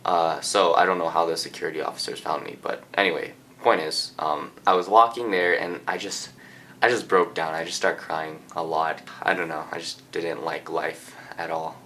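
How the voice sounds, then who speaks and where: Deep-voiced teen guy telling a rambling story. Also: fairly even intonation, moderate pace, slight background noise. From Japan. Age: teens. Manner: rambling, lots of filler and restarts, soft-spoken. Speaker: vlogger. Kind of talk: casual confessional storytelling.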